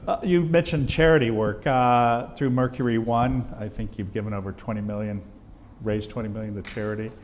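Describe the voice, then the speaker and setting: A man of mid pitch hosts an onstage interview at a university event, putting friendly questions to his guest and slipping in a joke now and then. Clear background noise runs under his voice. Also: steady tone, a little fast. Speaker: interviewer and host. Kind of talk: conversational interview. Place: university event hall with a live audience.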